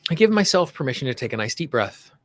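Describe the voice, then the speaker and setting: A man leading a guided tapping session, speaking slow soothing affirmations with chatty asides between them. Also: mid-range voice, big pitch swings, no echo. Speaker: tapping coach.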